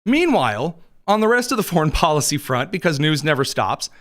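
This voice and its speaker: A man's voice: fairly high pitch, big pitch swings, fairly bright tone. A man hosting a political news show, commenting with sarcastic asides and jokes, his throat a little dry. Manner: wry, quick asides, laughs at own jokes.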